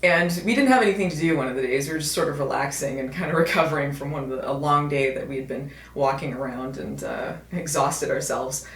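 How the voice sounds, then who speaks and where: An American woman hosts a vlog, talking to camera casually and wryly in a low voice, fast and with hardly any pauses. Her chatter is full of fillers, and the room sounds echoey.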